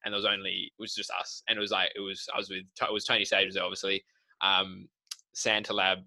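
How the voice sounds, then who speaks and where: Gravelly young man, rambling. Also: sits low, monotone, quick pace, pushed and bright, low-quality recording. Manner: rambling storyteller, laughs mid-sentence. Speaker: podcast co-host. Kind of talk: casual chat.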